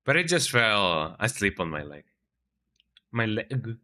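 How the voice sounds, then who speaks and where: Speaking slowly in a voice on the low side, a man streams a video game from home with a cat on his lap. He chats casually and energetically with viewers, regularly tacking "eh?" onto his sentences.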